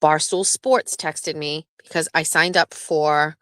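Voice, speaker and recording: A woman's voice: sits low, steady tone, slow, bright, forceful tone, no echo. A woman hosting a casual live stream, chatting loosely, swearing freely and reading viewer messages aloud. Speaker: livestream host.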